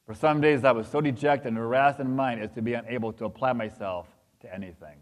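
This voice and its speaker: A man's voice: medium pitch, quick pace. A man reading a dramatic account aloud during a sermon, in a solemn and dramatic manner. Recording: long hall reverb.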